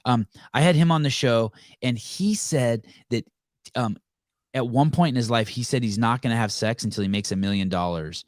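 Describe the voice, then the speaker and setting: A man hosting a podcast in casual chat, excitable and swearing freely, often trailing off into fillers. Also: medium pitch, normal speed, dry recording, clean studio sound. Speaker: podcast host.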